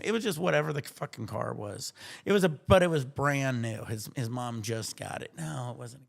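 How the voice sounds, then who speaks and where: A man's voice: mid-range voice, creaky. A middle-aged man from Ohio, a live streamer telling rambling, profane stories in casual chat, often correcting himself. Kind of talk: casual storytelling.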